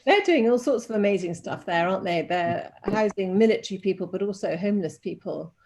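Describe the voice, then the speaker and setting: A woman's voice: medium pitch, a little fast, a little mellow. A woman chatting casually on a video call before a webinar, laughing along with the others. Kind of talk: casual pre-webinar chat.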